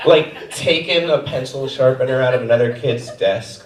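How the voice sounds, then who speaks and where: A man's voice: medium pitch, moderate pace, few pauses. A young man doing stand-up comedy, telling stories animatedly and jumping into voices. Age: young adult. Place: comedy theater stage. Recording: roomy theater sound from a distant mic.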